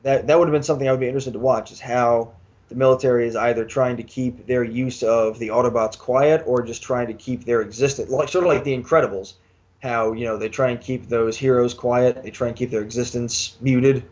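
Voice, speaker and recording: A man, talking casually as a podcast co-host about a movie, measured and thoughtful. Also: mid-range voice, steady tone, darkish tone, muffled recording. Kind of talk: casual movie review chat.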